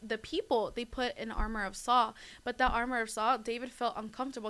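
A woman's voice: a little high, steady tone, fairly quick, few pauses, fairly bright tone. A young woman giving a casual devotional talk as host, chatty and full of fillers, often calling her listeners "guys". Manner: chatty, lots of fillers and "like", laughs at herself.

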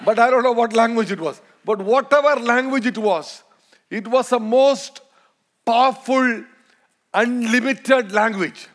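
A man from India, native speaker of Malayalam, preaching with an Indian accent and a joking, lively manner, leading the congregation in call and response. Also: very high voice, unhurried. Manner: joking, lively, leads the crowd in repeating. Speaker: guest preacher. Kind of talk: sermon.

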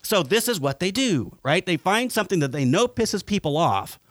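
A man hosting a podcast, telling stories in a lively way and swearing freely. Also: sits high, normal speed, no room sound, studio quality. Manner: animated storytelling, swearing freely. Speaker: podcast host. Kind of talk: casual podcast chat.

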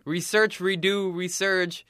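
A young man co-hosting a podcast and tossing in quick, profane wisecracks. His voice is slightly high and bright, with a sharp edge. The sound is dry and close. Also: fairly even intonation, no room sound. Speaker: podcast co-host. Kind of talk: casual podcast banter.

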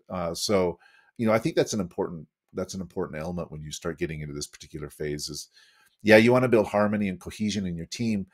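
Deep-voiced man calmly explaining. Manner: measured, explanatory, with fillers. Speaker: podcast co-host. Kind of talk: reflective conversational commentary.

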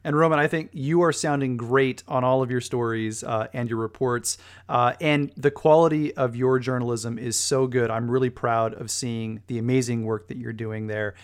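A man's voice: mid-range voice, fairly even intonation, normal speed, clear, resonant tone. A man interviewing a reporter, supportive and asking follow-up questions. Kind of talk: conversational interview.

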